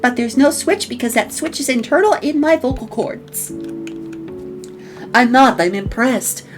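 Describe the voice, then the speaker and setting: A woman's voice: sits high, animated, measured pace, over music. A woman streaming in casual chat, playful and crude, with a very flexible voice she switches around.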